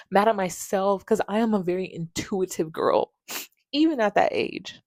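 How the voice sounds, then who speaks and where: A woman's voice: medium pitch, expressive, normal speed, a little mellow, no echo. A young woman hosting a podcast, frankly and emotionally retelling a hard personal story with plenty of swearing. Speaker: podcast host.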